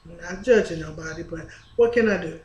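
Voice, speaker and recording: A woman's voice: lowish voice, brisk, a little mellow, dull audio, slight background noise. A woman talking to her viewers in a casual, confessional vlog, earnest and candid, often restarting her sentences. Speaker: spiritual vlogger. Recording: echoey room with faint ambience.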